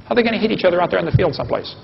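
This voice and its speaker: A somewhat high-pitched man with a gravelly edge lectures a live audience in a folksy, joking way and keeps asking them questions. The recording is dull and lo-fi, and his voice rings with a long hall reverb. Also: expressive, rapid-fire, slight background noise. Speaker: creation science lecturer.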